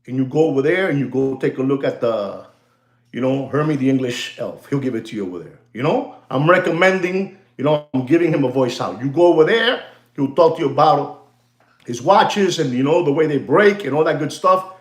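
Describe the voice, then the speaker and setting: A man hosting a live stream, rambling in a teasing, lecturing way, packed with "you know" fillers. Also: on the high side. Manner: animated, excitable, constant "you know" fillers. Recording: roomy, echoey room sound.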